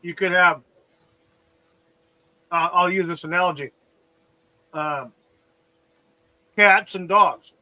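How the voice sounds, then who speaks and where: A man's voice: high voice, slow, long pauses, sharp tone, low-quality recording. A man chatting casually on a livestream, rambling and explaining through analogies.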